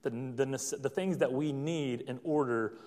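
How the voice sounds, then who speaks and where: A man's voice: mid-range voice, a little slow, a little mellow, in a large hall. A young man preaching a sermon, telling a childhood story with plenty of fillers and restarts. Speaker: pastor.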